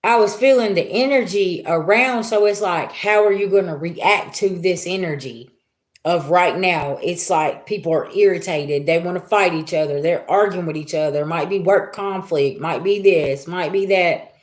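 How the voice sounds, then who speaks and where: Speaking at normal speed in a lowish voice, this live-stream spiritual reader chats casually with her audience. She's emphatic and often tosses out rhetorical questions.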